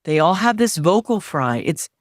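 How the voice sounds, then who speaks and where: A middle-aged woman coaching on confidence in an interview, measured and instructive, repeating key phrases for emphasis. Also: on the low side, sing-song, no room sound, clean studio sound. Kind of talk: advice in interview.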